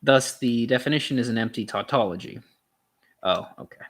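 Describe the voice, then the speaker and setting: A young man reading a philosophy text aloud in a casual way, pausing often with ums and restarts and adding wry, sarcastic asides. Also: medium pitch. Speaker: channel host reading aloud.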